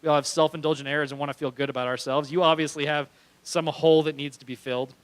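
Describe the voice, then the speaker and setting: A man's voice: on the high side, little pitch movement, quick pace, clear, resonant tone, dry recording, rough recording. A young man doing stand-up comedy on a small club stage, telling a rambling story animatedly and laughing at his own lines.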